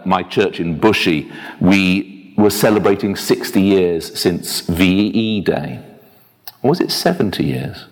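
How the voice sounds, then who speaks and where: A man preaching a sermon as a minister, telling anecdotes in a lively, self-deprecating way. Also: low voice. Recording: long reverb of a church hall.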